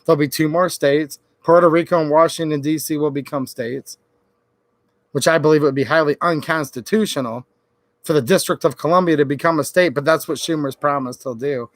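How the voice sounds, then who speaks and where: A man's voice: on the high side, a little fast, no echo. A man from Michigan ranting sarcastically on a late-night political livestream. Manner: ranting, sarcastic, mocks senators in quoted voices. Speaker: political YouTuber.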